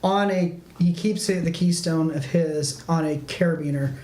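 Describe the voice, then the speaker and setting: In a slightly mellow mid-range voice at a moderate pace, someone running a tabletop game rambles through the narration, with plenty of restarts and "like." The room echoes, and faint noise lingers in the background.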